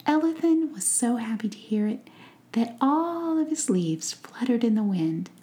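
A woman narrating a bedtime story in a hushed, soothing whisper. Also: fairly high pitch, big pitch swings, moderate pace.

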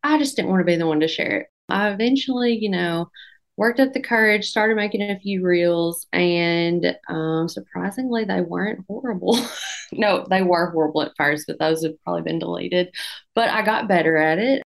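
A woman in her thirties, a guest on a podcast, telling her story in an animated, self-deprecating way and laughing often. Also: lowish voice, normal speed, gravelly. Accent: regional accent. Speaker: guest, dietitian and content creator. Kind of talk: casual interview chat.

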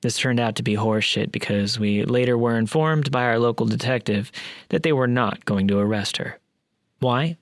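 A man's voice: mid-range voice, normal speed, no room sound, studio quality. A man narrating a true creepy story in a wry, blunt way with casual swearing.

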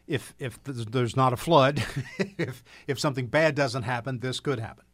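A man's voice: medium pitch, moderate pace, no room sound, studio quality. A man co-hosting a radio talk show, laid-back with short agreeing replies. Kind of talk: casual radio chat.

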